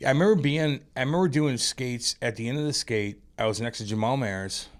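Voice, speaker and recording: Loud, profane male podcast co-host. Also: medium pitch, brisk. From St. Louis area. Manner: loud, profane, rambling storyteller. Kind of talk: casual chat.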